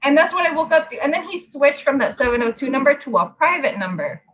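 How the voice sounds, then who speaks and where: A woman in her twenties telling a story in casual chat, blunt, profane and animated. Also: sits high, fast, crowd noise, poor audio. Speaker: host.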